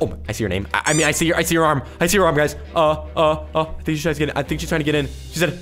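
Young male gaming host, bright-ish pitch, excitable commentary over backing music. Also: fast. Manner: excitable, swings from hushed mutters to shouts. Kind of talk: Roblox gameplay commentary. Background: background music.

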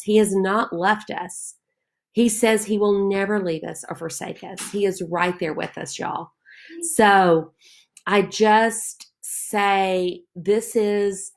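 A woman leading a Bible study, reading scripture aloud and speaking to listeners in an earnest, heartfelt way. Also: medium pitch. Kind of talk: devotional Bible teaching.

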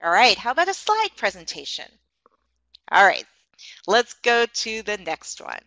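A woman's voice: mid-range voice, very animated, measured pace, bright, forceful tone, dry recording, rough recording. A woman demonstrating online teaching ideas for English teachers, explaining in an encouraging tone.

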